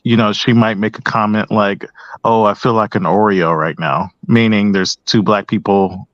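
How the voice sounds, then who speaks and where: A man speaking as a guest on a panel discussion, hesitant with many pauses and restarts. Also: fairly low pitch, steady tone, dry recording, dull audio.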